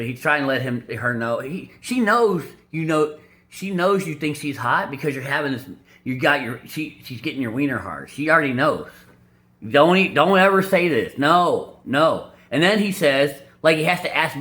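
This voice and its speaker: A man giving blunt, crude dating advice over clips, mocking the people in them with squeaky put-on voices. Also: expressive, normal speed, a bit bright. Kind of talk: casual reaction commentary.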